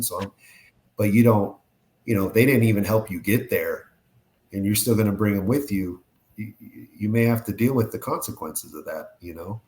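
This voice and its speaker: A man's voice: fairly low pitch, darkish tone. A man talking reflectively in a casual podcast chat about loyalty and overcoming himself. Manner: reflective, thoughtful.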